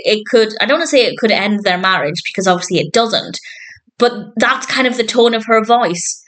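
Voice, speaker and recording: A woman's voice: mid-range voice, fairly bright tone, poor audio. A woman giving a casual spoken review of a TV episode, earnest and chatty, often laughing and repeating words as she goes.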